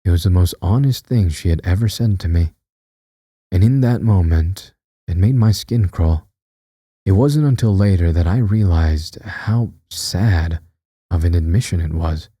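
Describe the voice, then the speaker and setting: Deep dark-voiced horror narrator man. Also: a little slow, slightly rough, no room sound, studio quality. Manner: tense, dramatic storytelling.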